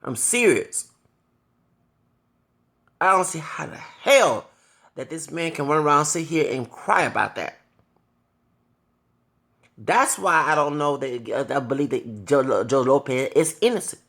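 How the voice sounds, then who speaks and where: A man's voice: fairly high pitch, animated, measured pace, creaky, long pauses, a bit bright. A man in his thirties delivering a heated, profane rant to camera, breaking off now and then to apologize for his cursing. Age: 30s. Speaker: vlogger. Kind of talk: angry monologue to camera.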